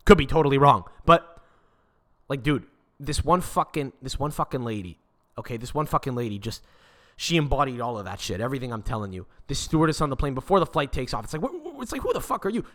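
Young podcast host, mid-pitched, loose profane rant with lots of restarts. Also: male voice, fast talker, fairly bright tone. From Quebec, Canada. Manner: swears constantly, rambling restarts.

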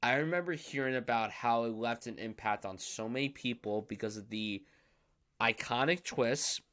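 Young man, podcast host, bright tense voice, enthusiastic, emphatic, casual chat. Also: medium pitch, moderate pace. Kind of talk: casual film discussion.

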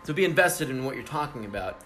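A man hosting a casual podcast, swearing freely and joking, often cutting in with quick quips. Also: medium pitch, lively intonation, a bit bright, faint music behind. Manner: swears freely, laughs often, jokey interjections.

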